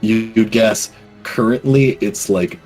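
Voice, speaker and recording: A man narrating as game master of a tabletop game, casual and halting, with many fillers. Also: lowish voice, darkish tone, faint music behind.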